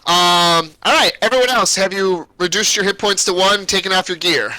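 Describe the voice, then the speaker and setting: A man runs a tabletop game session, rambling casually through his narration with plenty of ums and uhs. His voice sits high and bright, and the sound is close and dry. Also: normal speed, no echo, low-quality recording. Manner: casual, rambling, with many fillers and laughs. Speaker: game master.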